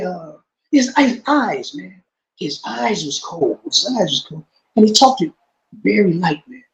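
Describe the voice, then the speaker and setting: A man with a fairly high voice tells a story as an interview guest, using street slang and repeating himself. When quoting someone, he drops to a low, quiet voice. The recording quality is low.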